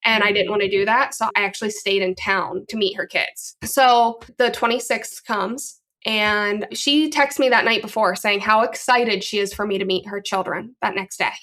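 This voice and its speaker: A woman from the northern United States, a podcast guest telling a story casually and acting out the lines she quotes. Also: mid-range voice. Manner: animated, acts out quoted dialogue.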